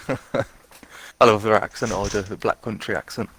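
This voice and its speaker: A man's voice: fairly low pitch, fairly even intonation, a little slow, a bit bright, slight background noise. A man with a Birmingham accent co-commentating a sim race, chatting in a laid-back, self-deprecating way. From Birmingham, England. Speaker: co-commentator and driver. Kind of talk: casual banter.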